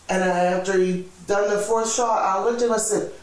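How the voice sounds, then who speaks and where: A woman's voice: on the low side, fairly even intonation, normal speed, hardly any pauses, a little mellow. A woman in an interrogation, animatedly recounting events and acting out quoted dialogue. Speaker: interrogation subject. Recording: echoey room, distant mic.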